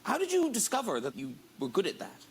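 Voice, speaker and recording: A man hosts a chat show, teasing his guests with quick laughing questions. His pitch is lively and varied. Heavy hiss sits under the TV clip. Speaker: talk show host. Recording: TV studio clip with loud hiss.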